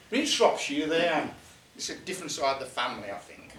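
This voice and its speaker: An older man spins a yarn at a folk club, his voice high and swinging widely in pitch. He chats and jokes in dialect. The recording is roomy and echoey, with him some way from the mic. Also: big pitch swings, fast, a crowd in the background. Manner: chatty, jokey, dialect phrasing. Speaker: storyteller. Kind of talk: live folk club storytelling. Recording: echoey room, mic at a distance.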